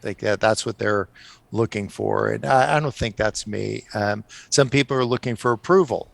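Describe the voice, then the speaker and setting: A middle-aged man telling stories on a podcast as a guest, animated and often laughing. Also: lowish voice, moderate pace, creaky, dry recording. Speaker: guest author. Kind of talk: casual storytelling on a podcast.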